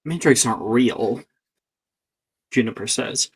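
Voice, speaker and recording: Male game master with a gravelly voice, narrating a tabletop game in a halting, casual way. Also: mid-range voice. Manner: hesitant, filler-heavy narration.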